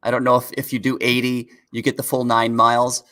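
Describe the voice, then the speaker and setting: A man's voice: medium pitch, monotone, a little fast, bright, forceful tone. A man co-hosting a casual car news live stream, chatting easily and chuckling now and then as he reads out viewer questions. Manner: laid-back, chuckles often, reads out chat questions. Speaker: co-host of a car news show.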